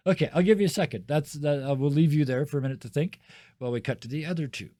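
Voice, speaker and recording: A man's voice: fairly high pitch, brisk, mellow, no echo, studio quality. A man narrating as game master of a tabletop game, chatty and laid-back.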